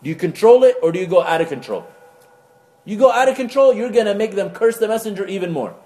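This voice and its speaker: A man preaching a sermon to a live audience, telling stories with acted-out voices and reciting Quranic Arabic rapidly. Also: sits high. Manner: animated storytelling with acted-out voices. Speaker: imam.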